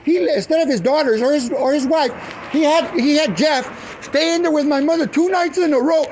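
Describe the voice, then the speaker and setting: A man's voice: very high voice, moderate pace, darkish tone, a little hiss or hum. A man giving police a rambling, profane, agitated account of a family dispute. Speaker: family member speaking to police.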